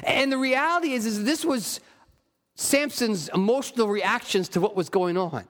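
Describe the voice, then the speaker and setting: A man's voice: high-pitched, normal speed, fairly bright tone, in a large hall. A man preaching a sermon, reading scripture aloud and breaking off for wry asides. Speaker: pastor.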